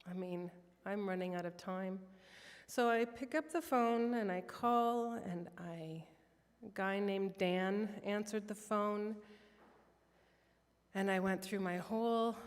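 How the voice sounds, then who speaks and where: During a church worship service, a woman softly and emotionally shares a heartfelt story about a personal prayer. Her mid-range voice carries a long reverb tail through the sanctuary.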